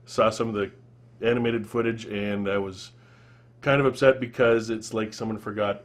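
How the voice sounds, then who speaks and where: A man's voice: on the low side, steady tone, moderate pace. A young man hosting a casual podcast, bantering and joking with co-hosts. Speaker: show host. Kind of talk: casual chat.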